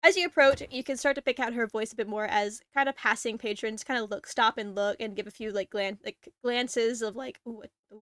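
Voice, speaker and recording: A woman's voice: fairly high pitch, fairly quick, few pauses, fairly bright tone, dry recording, clean studio sound. Chatty woman narrating a tabletop game. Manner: rambling, filler-heavy storytelling with acted-out snippets. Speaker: dungeon master.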